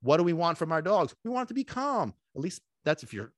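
A man hosting a solo podcast as a dog trainer, talking in an excitable, emphatic way and dropping in Sicilian phrases and casual swearing. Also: a little high, fairly quick, dry recording. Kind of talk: energetic solo podcast talk.

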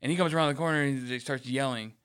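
A man's voice: medium pitch, fast talker, a bit bright, clear, resonant tone. A man telling a rambling workplace story in casual chat, swearing freely and acting out what others said. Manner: mimics others in quoted lines. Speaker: podcast co-host.

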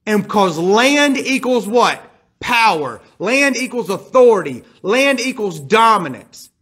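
A man with a notably high voice delivers a sermon, telling a personal story before turning to scripture. He drops into hushed tones and then climbs back up with emphatic, rising delivery. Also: very animated, takes it slowly, slightly rough. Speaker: preacher.

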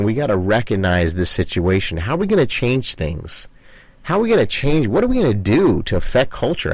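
A man's voice: medium pitch, no room sound. A middle-aged man, a pastor, preaching fervently and speaking straight to the listener, with many repeated phrases. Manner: fervent, repetitive, addresses listener directly. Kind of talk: preaching talk.

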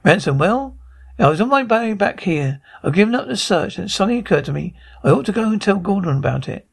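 A man's voice: sits high, lively intonation, fast, creaky, breathy edge, full character voice. A man voicing a chatty army officer who relays news in a breezy, gossipy way.

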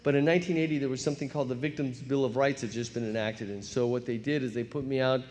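A man's voice: medium pitch, steady tone, darkish tone. A man in his fifties telling his story in a big hall. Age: 50s. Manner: storytelling, acts out his younger self in quick voices, laughs at himself. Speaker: recovery meeting speaker. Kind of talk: personal testimony talk. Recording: long hall reverb.

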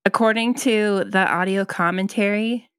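A woman's voice: medium pitch, moderate pace, fairly bright tone, clear, resonant tone, dry recording, clean studio sound. A woman co-hosting a podcast, musing casually with many ums and restarts. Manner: thoughtful, hesitant, many ums and likes. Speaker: podcast co-host. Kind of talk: casual chat.

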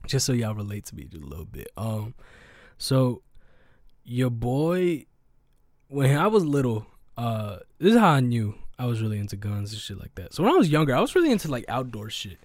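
A man's voice: mid-range voice, very animated, moderate pace, no echo, studio quality. A young man hosting a podcast, telling stories in a slangy, profane, rambling way with lots of fillers. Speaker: podcast host. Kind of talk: casual podcast chat, storytelling.

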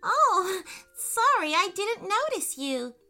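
A woman's voice: wildly swooping pitch, slow pace, bright, forceful tone, faint music behind, full character voice. Woman voicing a tearful little girl. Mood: apologetic. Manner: high pleading childlike voice. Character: young girl, worried and tearful.

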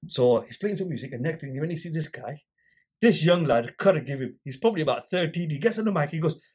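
Casting: man, husky voice, animated anecdote teller who voices both sides of a quarrel. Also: fairly high pitch, a little fast. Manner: animated storyteller, acts out quoted dialogue. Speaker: guest, volunteer litter picker. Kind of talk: casual storytelling interview.

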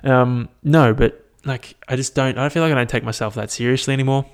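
Rambling, swearing podcast host. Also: male voice, medium pitch, steady tone, a little fast, clean tone. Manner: rambling, swearing, self-mocking. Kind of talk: casual solo podcast chat.

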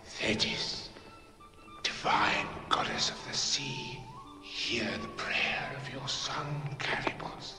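An actor playing a bitter, vengeful cursed man in a film drama who hisses in whispers and then shouts his demands. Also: a little high, wildly swooping pitch, takes it slowly, over loud music, heavily acted. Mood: pleading whisper. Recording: echoey hall with film score.

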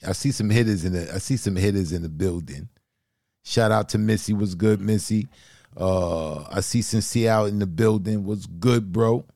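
A man's voice: on the low side, normal speed, gravelly, warm tone, no echo, clean studio sound. A man hosting a spoken word podcast in casual chat, laid-back and slangy, laughing often. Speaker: podcast host.

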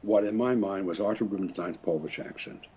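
This older French horn player speaks fairly quickly in a low, warm voice, with a little hiss or hum present. His casual interview is full of rambling anecdotes, frequent chuckles and self-corrections. The recording sounds dull and lo-fi.

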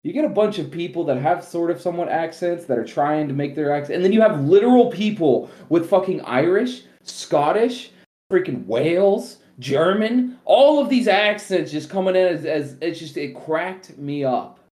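Male podcast co-host, casual and animated, swears freely, echoey room. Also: a little high, moderate pace. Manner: animated, swears, laughs at his own points. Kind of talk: casual chat.

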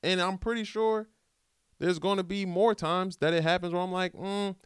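A man talks straight into a close, dry mic, his pitch swinging lively up and down as he rambles through a slangy pep talk. His voice sounds smooth and resonant. It has the loose, casual flow of a podcast host riffing on his own. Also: moderate pace, no echo. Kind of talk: casual motivational monologue.

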